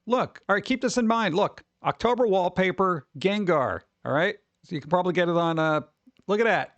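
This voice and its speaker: A man's voice: fairly high pitch, fairly quick, no echo. A man in his forties rambling casually as a stream host, chatty and wry, tossing in asides and muttered reactions.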